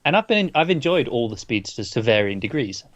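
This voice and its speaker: Measured man, slightly dull podcast audio. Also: medium pitch, very animated, no room sound. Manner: measured, thinks aloud with hesitant restarts. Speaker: podcast co-host. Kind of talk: casual chat.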